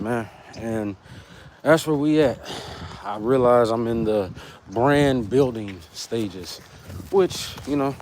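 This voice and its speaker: A man's voice: lowish voice, darkish tone. An American man chatting casually with slang to livestream viewers while walking outdoors for cardio. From United States. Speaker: fitness vlogger. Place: outdoors on an urban street, walking. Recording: faint traffic noise outside.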